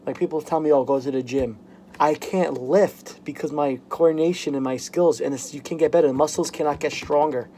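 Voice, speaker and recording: Gravelly-voiced young man, frank vlogger. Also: on the high side, mellow, slight background noise. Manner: frank, halting, lots of "like" fillers. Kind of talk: candid personal vlog. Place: home, at a workbench.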